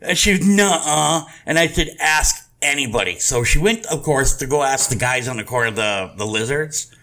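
A man hosting a podcast, telling profane stories in casual chat, with animated swings in his voice. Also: medium pitch, moderate pace. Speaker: podcast host.

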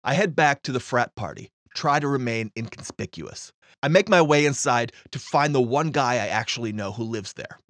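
A man's voice: medium pitch, a bit bright, no room sound. A man telling a first-person story in a matter-of-fact, understated way.

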